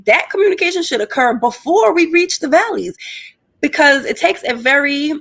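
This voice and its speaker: A woman co-hosts a relationship podcast in an ordinary mid-range voice. She speaks bluntly and conversationally, mixing everyday examples with casual swearing as she makes her point. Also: medium pitch. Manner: frank, outspoken, curses casually. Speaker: podcast co-host.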